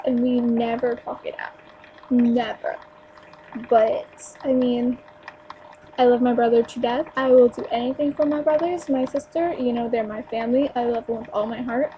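Young woman, from New Jersey, blunt and sweary, high voice, noisy webcam mic. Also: dark tone. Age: young adult. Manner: blunt, emphatic, swears freely. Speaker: store clerk venting on a vlog. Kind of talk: casual webcam rant. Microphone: built-in webcam mic.

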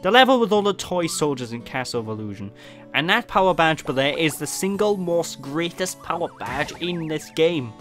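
A man from Wales casually narrating a video game run, rambling and poking fun at himself. Clear game music plays under his voice. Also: on the high side, expressive, moderate pace, a bit bright. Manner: rambling, self-mocking, jokey asides. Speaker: let's play host. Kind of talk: casual gameplay commentary.

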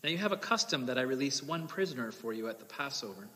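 A stern Roman governor presses his prisoner with sharp questions, read aloud by a man. The pitch rises and falls freely, and a long church reverb trails each phrase. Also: expressive, fast talker.

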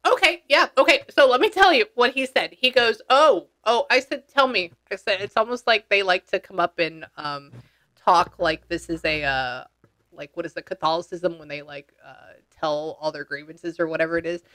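A woman's voice: fairly low pitch, moderate pace, sharp tone. A woman working as a psychic medium, talking casually with clients and relaying what she hears in a chatty way, with slang and the odd swear word. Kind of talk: casual session talk.

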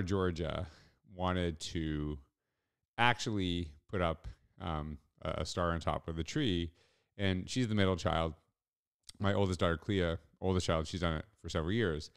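A man's voice: low voice, clear, resonant tone. A middle-aged man hosting a solo podcast, telling a story in an earnest, reflective way. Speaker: podcast host.

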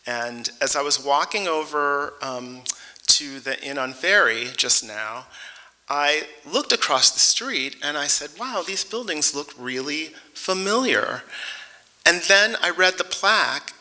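A man's voice: fairly high pitch, bright, forceful tone, rough recording. A man from Detroit accepting an award, joking and heartfelt, speaking in a chatty way to a ceremony audience. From Detroit, United States. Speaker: award recipient. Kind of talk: acceptance speech.

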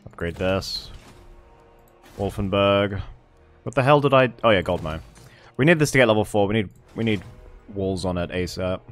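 Low-voiced man muttering through a strategy game. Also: expressive, moderate pace, long pauses, soft background music. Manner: thinks aloud, swears, mutters to himself. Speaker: gameplay streamer. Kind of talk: casual let's-play commentary.

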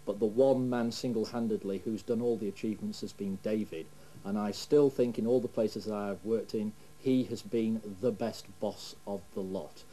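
Earnest Yorkshire man with a dark voice. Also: on the low side, fairly even intonation, normal speed, poor audio. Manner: earnest, emphatic. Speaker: BBC executive giving a tribute. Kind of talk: sincere farewell tribute.

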